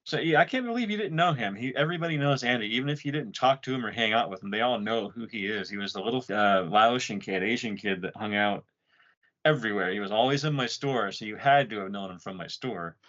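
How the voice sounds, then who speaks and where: A man's voice: lowish voice, fast, fairly bright tone, lo-fi sound. A man co-hosting a podcast, grieving a friend, telling rambling, profane stories in casual chat. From Utah. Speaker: podcast co-host.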